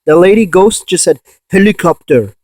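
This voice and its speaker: A man in a ghost box session vlog, excitedly calling out to spirits and swearing when he insists to viewers. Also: a little high, moderate pace, no echo. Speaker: paranormal investigator.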